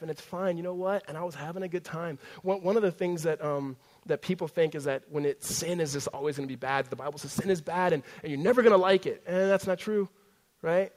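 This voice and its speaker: A young man preaches to a room in a relaxed, conversational sermon, his voice a touch higher than most men's. He swings from hushed, confiding stretches to loud, emphatic bursts, full of fillers and quick restarts. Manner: frequent fillers and self-interruptions. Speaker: pastor. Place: large room with a congregation.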